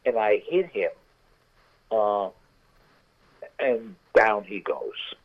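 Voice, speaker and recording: A man's voice: fairly low pitch, big pitch swings, very slow. An older man and guest storyteller, telling an anecdote unhurriedly and acting out the characters over a tinny phone line.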